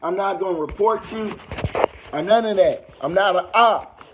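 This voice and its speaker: Background noise sits under a high-pitched young man talking at normal speed. He's an American livestream host with a Southern accent, casually rambling to his audience in street slang.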